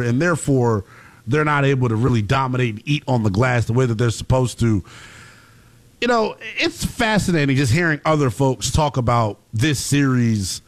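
Lively-voiced male sports show host. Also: medium pitch, no room sound. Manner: animated, conversational, lots of fillers. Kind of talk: casual sports talk.

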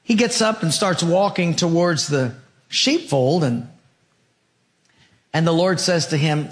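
A man preaching a sermon, telling a story dramatically and swinging between loud and hushed. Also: fairly high pitch, slow pace, pauses often. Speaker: pastor.

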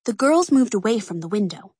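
A woman narrating a children's storybook aloud in an expressive, animated way. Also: mid-range voice, fairly quick, breathy edge, no echo, clean studio sound.

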